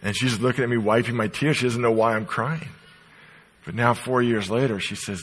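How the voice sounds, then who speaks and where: Man, middle-aged, pastor, sermon in a church, emphatic, breathy husky voice. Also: mid-range voice, fairly even intonation, moderate pace, poor audio. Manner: emphatic, swinging from loud to soft. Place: church sanctuary.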